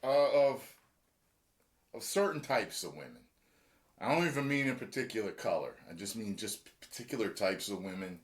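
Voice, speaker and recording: A man's voice: lowish voice, expressive, normal speed. A man hosting a reaction video, chatting casually and animatedly with fillers.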